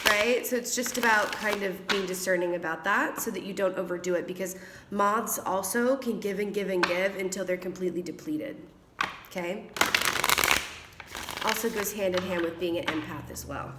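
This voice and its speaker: A woman's voice: medium pitch, normal speed, heavy background noise. A woman getting over a cold, giving a casual tarot reading in a chatty, affectionate way, laughing often and calling listeners darling. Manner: whispers while drawing cards. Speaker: tarot reader.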